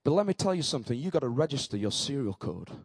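A man preaching in church, telling a personal story and building to fervent, shouted exclamations. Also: medium pitch, very animated, fast, creaky, slightly rough, dry recording.

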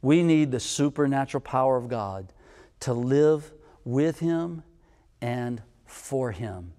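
A man preaching a sermon, telling personal stories, moving from hushed, intimate passages to loud, excited ones. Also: mid-range voice, slow, big-room sound. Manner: storytelling, swings from hushed to loud.

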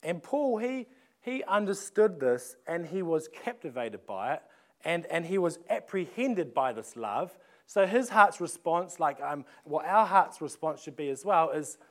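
A man's voice: on the high side, sing-song, a little slow. A man, preaching a sermon in a conversational way, often restarting phrases and asking rhetorical questions. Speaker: pastor.

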